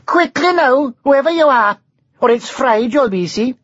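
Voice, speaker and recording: A lilting Welsh dragon, high and sing-song. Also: expressive, a little slow, a bit bright, no echo, full character voice. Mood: menacing teasing. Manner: teasing, threatening. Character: huge male Welsh dragon, cheeky and menacing. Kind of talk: storybook reading. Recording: dull lo-fi recording.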